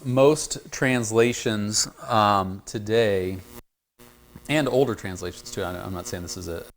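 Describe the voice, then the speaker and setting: Working through a scripture passage with his Bible study group, a man with a fairly low pitch talks haltingly, repeats words, and coaxes answers from the class.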